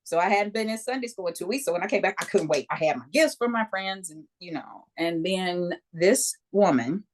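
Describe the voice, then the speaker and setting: This American Reiki practitioner in her fifties speaks briskly in a lowish voice, barely pausing. As an interview guest sharing a personal story, she animates it by acting out voices and keeps asking "okay?" to check in.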